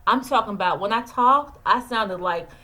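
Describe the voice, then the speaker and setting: A woman's voice: a little high, moderate pace, pushed and bright, rough recording. A woman in her forties from Jamaica, a therapist, talking earnestly into the camera and repeating key phrases for emphasis. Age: 40s. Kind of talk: direct-to-camera advice talk. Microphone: camera mic, talking into the camera.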